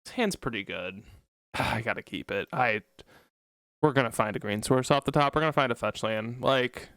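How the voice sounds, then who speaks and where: A man commentating his own card game, pleading and groaning at bad luck with loud anguished outbursts. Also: medium pitch, normal speed, dry recording, clean studio sound. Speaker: gameplay commentator.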